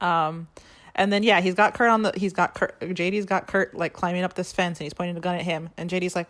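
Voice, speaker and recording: This co-host's voice sits fairly low, and she keeps a steady tone at a quick pace. During a relaxed podcast conversation about a musical, she retells events with animation and performs the quoted dialogue.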